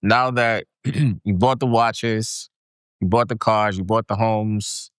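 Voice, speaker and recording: A man's voice: fairly low pitch, fairly even intonation, takes it slowly, fairly bright tone, clean tone, no room sound, studio quality. A man co-hosting a podcast who chats casually and backs up his guest with short affirmations. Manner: brief affirming interjections. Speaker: podcast co-host. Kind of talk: casual interview chat.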